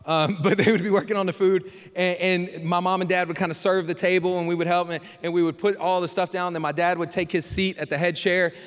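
Pastor preaching in a reverberant church. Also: male voice, high voice. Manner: conversational preaching with rhetorical questions to the congregation. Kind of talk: sermon. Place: church sanctuary. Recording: hall reverb from a live church service.

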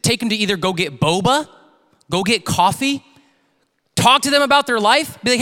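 Bright-voiced young man preaching in a hall. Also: fairly quick. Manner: animated, acts out quotes with big pitch jumps. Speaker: youth pastor. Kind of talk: sermon storytelling. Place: church sanctuary. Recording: long reverb of a large church hall.

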